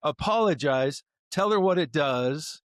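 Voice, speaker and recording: A man's voice: a little high, animated, a little slow, no echo, studio quality. A man co-hosting a podcast, telling a profane story in casual chat. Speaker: podcast co-host.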